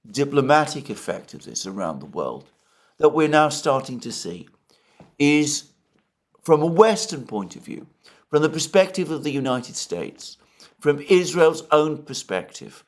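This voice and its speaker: A middle-aged man giving a solo political commentary, speaking in long, measured sentences and quoting at length from an article. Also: a little high, big pitch swings. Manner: measured, expansive delivery with frequent restarts.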